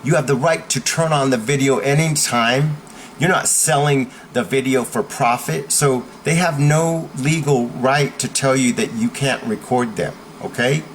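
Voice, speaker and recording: A man's voice: medium pitch, a little slow, a little hiss or hum, rough recording. A man teaching how to stand up to bullies, speaking emphatically and checking in with the listener with a frequent "okay?". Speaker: self-help teacher. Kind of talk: instructional talk.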